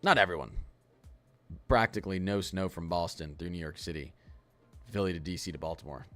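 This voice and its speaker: A man giving a casual livestream weather forecast, talking quickly and excitably as he chats through model maps. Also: low voice, faint music behind.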